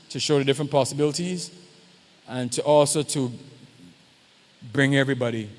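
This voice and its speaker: A man, a pastor, speaking informally at a church youth service and often checking in with the audience. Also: medium pitch. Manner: conversational, keeps checking in with the audience. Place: church hall. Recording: long hall reverb.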